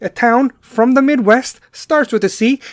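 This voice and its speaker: A man doing a loud, boastful impression of a Chicago local with an exaggerated Chicago accent and drawn-out vowels. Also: extremely high pitch, no room sound, clean studio sound, voice pushed up. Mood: boisterous.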